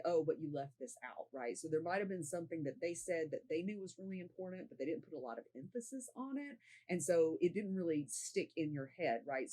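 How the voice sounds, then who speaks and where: A woman's voice: low-pitched, a little mellow, low-quality recording. Woman, sales coach, casual tutorial, conversational, frequent tag questions. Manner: conversational, often tags sentences with "right?".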